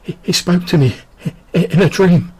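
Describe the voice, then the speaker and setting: A man voicing a frail young woman who speaks in a soft, breathless, halting voice. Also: high-pitched, voice pushed up, lightly acted. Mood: shaken. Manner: halting, stammering.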